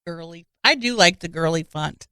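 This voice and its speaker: A woman's voice: fairly low pitch, lively intonation, normal speed, pushed and bright, clean tone, no echo. Dry, offhand comedian woman. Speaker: comedian podcast co-host. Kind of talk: casual comedic chat. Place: home room podcast setup.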